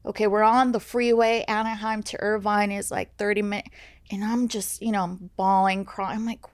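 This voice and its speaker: Young adult woman, podcast guest, slightly gravelly, halting candid storytelling. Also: mid-range voice, level tone, dry recording, clean studio sound. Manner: halting, many fillers and restarts. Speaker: guest sharing her story. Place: podcast studio.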